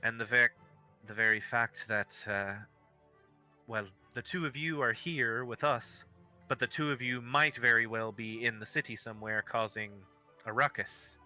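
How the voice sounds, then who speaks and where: A man voicing a wary, protective woman who speaks in a worried, measured way. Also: medium pitch, sharp tone, soft background music.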